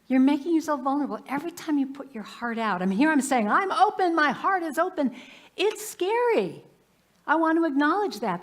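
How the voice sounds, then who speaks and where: A woman minister giving a sermon in a live church service, telling everyday stories in a conversational way and often saying "you know.". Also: medium pitch. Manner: conversational, warm anecdotes with frequent "you know". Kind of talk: storytelling sermon.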